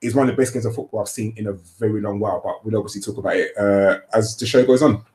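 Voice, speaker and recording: A man's voice: lowish voice, fairly even intonation, quick pace, darkish tone. A man with a London accent, a guest on a podcast, chatting cheerfully and emphatically. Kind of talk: casual chat. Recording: roomy echo.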